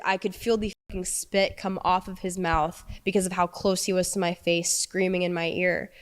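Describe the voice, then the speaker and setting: A young woman in an interview telling a painful personal story in a halting, emotional way, with many restarts. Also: fairly low pitch, clean tone. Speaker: interview guest.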